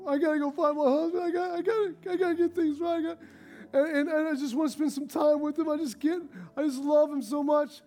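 A man's voice: very high-pitched, steady tone, fast, mellow, pitched above the performer's own voice. A male pastor voicing a young wife eager to find her husband, breathless and repeating herself. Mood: eager, longing.

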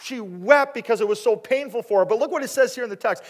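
Animated male preacher, higher voice. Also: quick pace, hardly any pauses. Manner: animated, acting out quoted voices with big swings in pitch and loudness; drops to a low, quiet voice for questions to the listeners. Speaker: pastor. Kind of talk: sermon.

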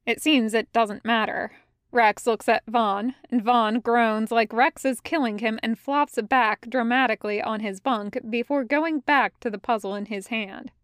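A woman's voice: a little high, steady tone, a little slow, fairly bright tone, clear, resonant tone, no room sound. Woman narrating fan fiction, dry close sound. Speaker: podfic reader.

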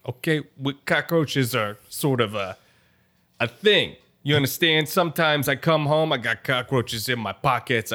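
A man's voice: mid-range voice, pushed and bright. A tipsy man voicing a streetwise Italian-American tough guy who works with cockroaches, with a mock gangster accent and drawling, slangy talk. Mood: defensive. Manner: drawling, slangy, ungrammatical, rambling.

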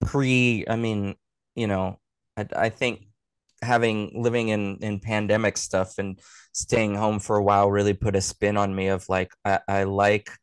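A man's voice: on the low side, flat delivery, unhurried, smooth, no room sound. A man in his thirties, a guest on a podcast, chatting casually and rambling with many fillers and restarts. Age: 30s. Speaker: guest, production sound engineer.

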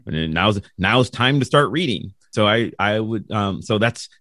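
A man's voice: on the low side, expressive, measured pace, a bit bright, dry recording, studio quality. A middle-aged man, a podcast guest, telling a childhood story in a rambling way, with lots of ums, restarts and laughs. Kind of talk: casual storytelling.

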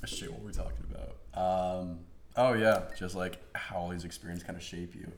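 A man's voice: deep voice, normal speed. A young man co-hosting a podcast, chatting casually and acting out quotes in his stories. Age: young adult. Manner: animated storyteller, acts out quotes. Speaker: podcast co-host. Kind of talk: casual chat.

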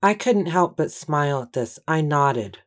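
A woman giving first-person audiobook narration in a steady, measured storytelling manner. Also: deep voice.

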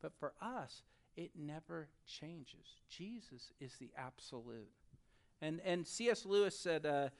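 A pastor preaching a sermon who speaks straight to the congregation and swings between loud, urgent stretches and soft, quiet ones. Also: medium pitch. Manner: addresses the audience directly.

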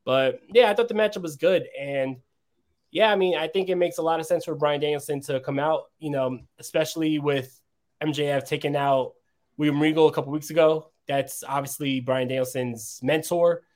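A man with a slightly high voice, talking things through in an easygoing chat. He explains at length, leaning on fillers. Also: normal speed. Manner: steady, explanatory, filler-heavy. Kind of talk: casual chat.

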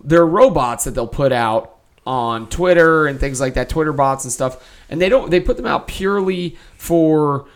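A man's voice: on the high side, moderate pace. A man in a casual podcast chat, thoughtfully explaining ideas and often checking in with "right?". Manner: thoughtful, explaining, frequent "right?" tag questions.

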